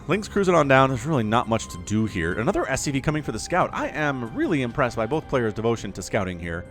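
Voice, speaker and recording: A man's voice: medium pitch, fairly bright tone. A man casting a strategy game replay in a chatty, jokey way that wanders into asides. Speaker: game caster. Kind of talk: casual video game replay commentary.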